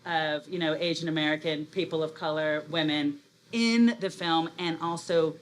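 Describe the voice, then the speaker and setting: A woman's voice: low voice, fairly even intonation, normal speed. A woman speaking candidly on a panel. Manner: candid, outspoken. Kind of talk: panel talk.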